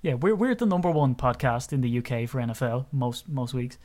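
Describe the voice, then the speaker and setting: A man's voice: medium pitch, animated, a little fast, darkish tone. An Irish man co-hosting a podcast, chatting casually and teasing his partner with jokey banter. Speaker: podcast co-host.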